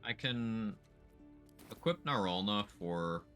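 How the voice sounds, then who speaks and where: A man with a low, bright voice talks through his gameplay, musing aloud and mumbling asides to himself. Quiet game music plays underneath. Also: lively intonation, slow pace. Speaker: streamer. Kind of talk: casual gameplay commentary.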